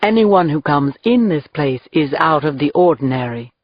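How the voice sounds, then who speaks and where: A woman's voice: deep voice, expressive, moderate pace, no room sound, lo-fi sound. A woman voicing a jovial, evasive male club owner with a British accent, read as an audiobook. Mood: smooth, evasive. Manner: smooth and evasive. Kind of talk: audiobook reading.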